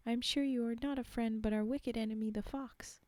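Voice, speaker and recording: A woman's voice: fairly high pitch, steady tone, a little fast, dark tone, dry recording, close to an everyday voice. Storybook piglet girl, read by a woman, greedy, pleading, dry close sound. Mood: distressed. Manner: pleading, distressed. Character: greedy, distressed little female pig.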